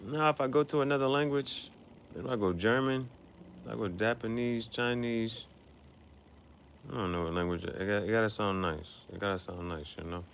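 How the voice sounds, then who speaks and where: Low-voiced guy rambling on his own show, repeating himself, tossing in foreign words. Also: moderate pace, slight background noise. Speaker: podcast host. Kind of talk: casual rambling monologue.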